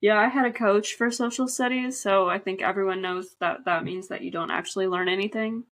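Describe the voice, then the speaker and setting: A woman's voice: mid-range voice, fairly even intonation, fairly quick, a bit bright. Easygoing woman podcast co-host. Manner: easygoing, asks questions, laughs along. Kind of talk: casual chat.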